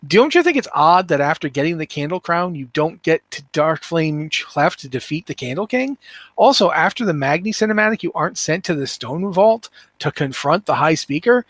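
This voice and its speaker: A man hosting a casual podcast, talking in an animated, rambling way with many restarts. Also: fairly high pitch, moderate pace, dry recording. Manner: animated, rambling, self-interrupting. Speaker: podcast host.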